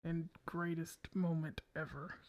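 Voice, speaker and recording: A man's voice: fairly high pitch, level tone, a little slow, dull audio. A man co-hosting a podcast, explaining things matter-of-factly in casual chat. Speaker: podcast co-host.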